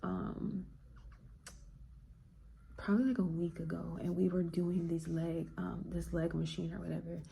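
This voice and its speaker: A woman vlogger talking in a relaxed, slangy, reflective way. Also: lowish voice, measured pace, vocal fry, long pauses, a little hiss or hum. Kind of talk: casual chat.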